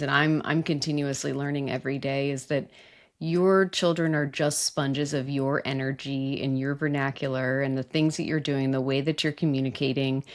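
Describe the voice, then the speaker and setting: Low-voiced woman hosting a podcast. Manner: reflective, many "like" and "you know" fillers. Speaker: podcast host. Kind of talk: casual podcast conversation.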